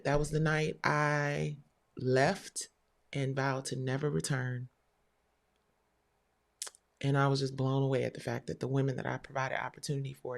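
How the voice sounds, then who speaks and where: A woman's voice: very deep voice, gravelly. A woman hosting a live stream show, telling a story in a candid, blunt and profane way. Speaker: livestream show host. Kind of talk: casual livestream talk.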